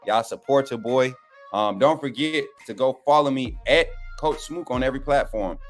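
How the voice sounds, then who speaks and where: A man's voice: medium pitch, normal speed, soft background music. A young man, a co-panelist on a sports show, chatting casually and folksily with his viewers. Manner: relaxed, folksy, addresses viewers as y'all. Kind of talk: casual live stream chat.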